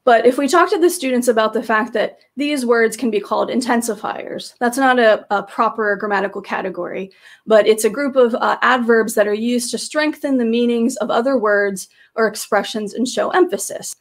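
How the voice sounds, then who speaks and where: A woman with a voice on the high side, speaking at normal speed, presents slides to teachers as a teacher trainer in a webinar. Talking into a computer microphone on a video call, she explains patiently, with frequent fillers and restarts.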